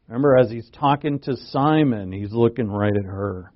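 A man preaching a sermon, earnest and halting, restarting phrases and pushing his voice up for emphasis. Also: medium pitch, vocal fry, muffled recording. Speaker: pastor.

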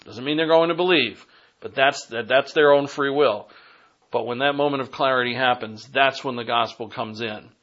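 A man's voice: mid-range voice, moderate pace, a bit bright, muffled recording. Emphatic Boston-accented man teaching scripture. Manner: emphatic, digressive, rising to punch key phrases. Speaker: Bible teacher. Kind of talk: sermon.

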